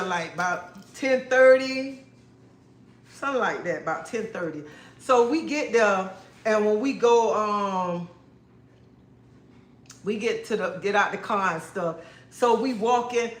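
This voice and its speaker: A woman hosting a livestream, telling a lively story to her viewers and acting out what people said, laughing as she goes. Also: mid-range voice. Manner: animated, laughing, acts out quoted dialogue. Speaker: livestream host. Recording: roomy echo.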